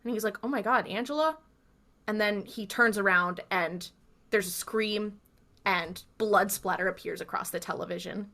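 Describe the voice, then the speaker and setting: Woman, podcast co-host, casual recap, bright voice, acts out quotes. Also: medium pitch, fairly even intonation, moderate pace, vocal fry. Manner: chatty storyteller, acts out quotes.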